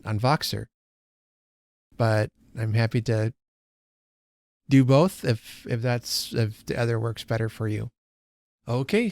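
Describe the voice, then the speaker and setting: A man's voice: medium pitch, no echo, clean studio sound. A man hosting a casual book read-along, reading passages and musing aloud, often restarting his sentences as he thinks. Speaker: book channel host.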